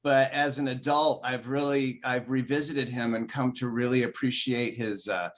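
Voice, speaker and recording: A man, a comedian guest, chatting in an interview in a halting way, full of ums and uhs, and laughing easily. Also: mid-range voice, steady tone. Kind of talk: casual interview chat.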